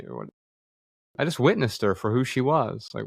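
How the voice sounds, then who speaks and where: Low-voiced reflective man, dry sound. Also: expressive, moderate pace, creaky, breathy edge, no echo. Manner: earnest, acts out quoted dialogue, frequent fillers. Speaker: podcast guest, author. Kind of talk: reflective conversational storytelling. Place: studio room with others present.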